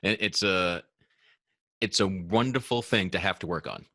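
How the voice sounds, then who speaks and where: A man hosting a casual podcast conversation, playful and animated. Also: low voice, dry recording. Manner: animated, playful, quick to laugh. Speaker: podcast host.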